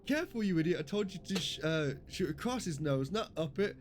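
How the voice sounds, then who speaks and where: A man's voice: fairly high pitch, animated, a little fast, background noise, pitched above the performer's own voice, natural voice. A British man doing an angry barking space commander. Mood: exasperated. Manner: shouting at a subordinate.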